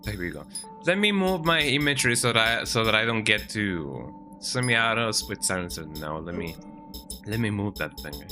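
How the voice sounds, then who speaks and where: A man's voice: fairly low pitch, moderate pace, soft background music. A man streaming a video game, talking casually to viewers as he plays and often ending sentences with "eh?". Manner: chatty, lively, tags sentences with "eh?". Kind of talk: casual gameplay commentary. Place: home, with a cat on his lap.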